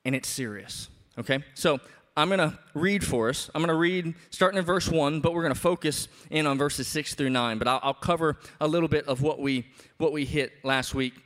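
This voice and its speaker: A man preaching a sermon as a pastor, in an animated, conversational way with emphatic rises. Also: fairly high pitch, fairly quick, in a large hall.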